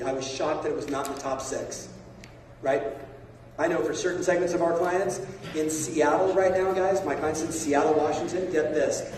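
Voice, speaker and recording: Man, sales coach on stage, raised voice, punchy and coaxing, caught from far back in a booming hall. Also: a little hiss or hum. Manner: energetic, rapid, coaxing the audience. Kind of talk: motivational seminar talk. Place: large conference hall. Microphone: far from a phone camera in the audience. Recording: echoey hall recorded from far off.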